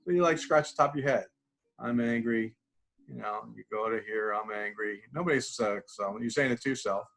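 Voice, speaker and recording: A man's voice: medium pitch, fast talker, vocal fry, hardly any pauses, fairly bright tone. A man teaching a class, walking students through a tapping exercise and repeating phrases as he demonstrates. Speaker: instructor.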